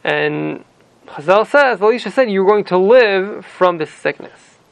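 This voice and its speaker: Unhurried, with lively intonation and vocal fry in his high voice, a Torah teacher walks a student through a scripture passage. He reads the verses in Ashkenazi-pronounced Hebrew, then retells them in plain English, on a low-quality recording with no echo.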